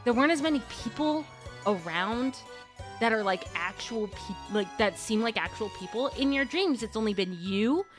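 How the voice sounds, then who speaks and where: A woman streamer casually retelling a long dream story, full of "like" and slow dramatic pauses. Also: a little high, expressive, over music.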